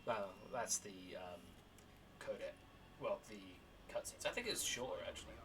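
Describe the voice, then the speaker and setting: A man hosting a game stream, chatting in a halting, casual way about the cutscenes. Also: fairly low pitch, very animated. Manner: chatty and halting, laughs often. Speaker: streamer host.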